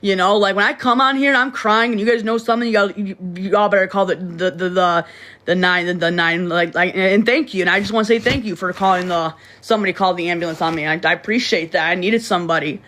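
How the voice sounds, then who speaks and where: A woman's voice: mid-range voice, steady tone, quick pace, a bit bright. A young woman talking casually to her livestream viewers, rambling and restarting sentences, blunt and swearing freely. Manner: rambling, repeats words and restarts often.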